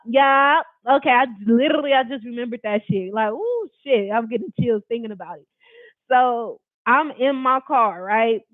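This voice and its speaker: A person from Long Beach, California telling a personal story to camera in an animated, emphatic, slangy and profane way, talking straight to viewers. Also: medium pitch, no echo. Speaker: storyteller recounting a personal experience. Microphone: camera facing the speaker. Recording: dry, tinny phone-like sound.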